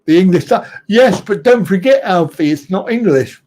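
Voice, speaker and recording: A middle-aged man hosts a casual livestream chat at an unhurried pace. His voice sits a little high but sounds soft and mellow. He speaks bluntly, rambles between points and chuckles often. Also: expressive. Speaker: livestream host.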